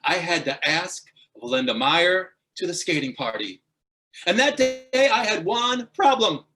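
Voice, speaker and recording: Animated man giving a funny speech. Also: high-pitched, unhurried. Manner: animated, punchline-driven storytelling. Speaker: guest speaker. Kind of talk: humorous club speech.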